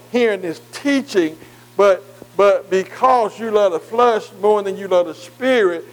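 A high-pitched man preaches a sermon in call-and-response style, emphatic and repetitive, often questioning the congregation and stretching out key words. The recording quality is low.

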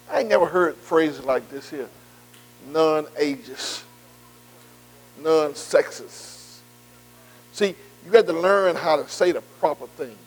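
Casting: male bible study teacher, high voice, folksy preaching with constant "see" and call-outs to listeners. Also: a little mellow, low-quality recording. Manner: repetitive "see" and "am I right", engaging the room; folksy, informal grammar. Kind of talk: conversational preaching.

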